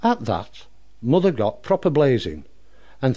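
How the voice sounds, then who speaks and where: Man, comic poem recitation, animated pitch, broad dialect storytelling. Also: measured pace, slightly rough. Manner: lively storytelling with broad dialect voices for characters.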